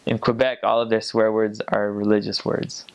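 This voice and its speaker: A man's voice: on the low side, little pitch movement, moderate pace, gravelly, clear, resonant tone, lo-fi sound. An American man talking casually to camera, explaining things in a chatty way and laughing often between points. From United States. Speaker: vlogger.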